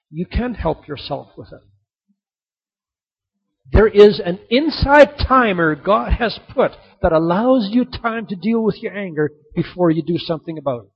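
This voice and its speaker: Husky high-voiced preacher man. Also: highs cut off. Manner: storytelling, repeating key points for emphasis. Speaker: pastor. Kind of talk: sermon.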